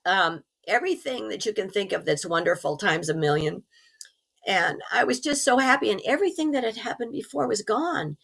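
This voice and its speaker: A middle-aged woman, hoarse from recovering from pneumonia, telling a personal story as an interview guest in an earnest, animated way. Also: mid-range voice, normal speed.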